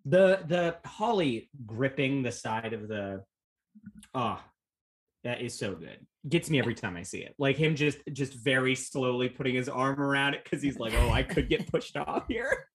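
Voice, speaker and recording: A man with a slightly husky, unpolished voice chats casually about a movie as a podcast co-host. He rambles, jokes and drops the odd curse word, and his pitch sits mid-range for a man. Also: moderate pace. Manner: rambling, jokey, profane. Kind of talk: casual film discussion.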